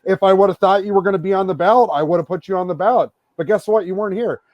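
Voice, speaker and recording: A man's voice: sits high, rapid-fire, dry recording, dull audio. A man co-hosting a podcast, venting in a profane, exasperated rant during casual chat. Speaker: podcast co-host.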